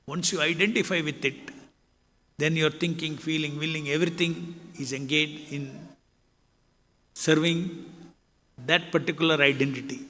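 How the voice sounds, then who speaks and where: A man giving a scripture lecture in a measured way, reciting Sanskrit verses between his explanations. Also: on the high side, fairly even intonation, bright, forceful tone. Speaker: spiritual lecturer. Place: temple lecture hall. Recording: long reverb of a hall.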